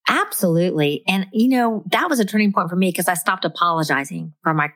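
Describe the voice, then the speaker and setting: A woman's voice: fairly low pitch, lively intonation, brisk, dry recording. A middle-aged woman, a guest author, speaking earnestly and reflectively in a faith-based interview.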